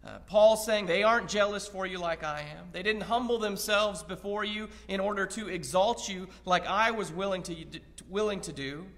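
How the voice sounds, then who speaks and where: High, bright-voiced preacher in reverberant church. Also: male voice, normal speed, few pauses. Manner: earnest, rhetorical questions, paraphrasing scripture aloud. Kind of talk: evening Bible lesson sermon. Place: church sanctuary. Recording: long reverb of a church hall.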